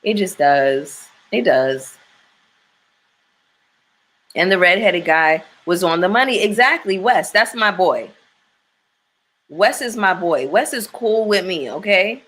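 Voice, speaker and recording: A woman's voice: fairly low pitch, expressive, slow, pauses often, a bit bright. A woman hosting a casual chat with her viewers, blunt and opinionated, swearing freely as she reacts to a reality show.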